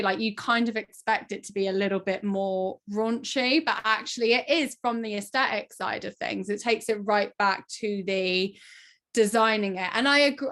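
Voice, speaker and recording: A woman from Plymouth with a Southwest English accent, chatting casually as a podcast host. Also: fairly high pitch. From England. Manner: chatty, animated, laughing asides. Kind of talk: casual chat.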